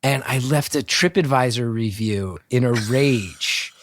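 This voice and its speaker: A man's voice: medium pitch, measured pace, slight background noise. A man telling a story on a podcast over a video call, acting out the people in it and swearing freely. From North Jersey. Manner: animated storyteller, acts out quotes, swears freely. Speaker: guest co-host.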